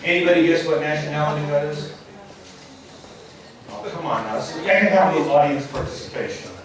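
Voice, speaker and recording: A man's voice: a little high, fairly quick, crowd noise. A man in his forties doing a stand-up set, wry and dry, chatting with the audience. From Nigeria. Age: 40s. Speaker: stand-up comedian. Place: comedy club stage. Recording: echoey club room from far off.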